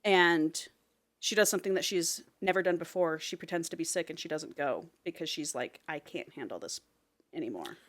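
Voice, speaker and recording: A woman's voice: lowish voice, steady tone, fairly quick. Chatty woman recapping a book. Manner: retells the plot with lots of "she's like". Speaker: podcast co-host. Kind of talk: casual book recap chat.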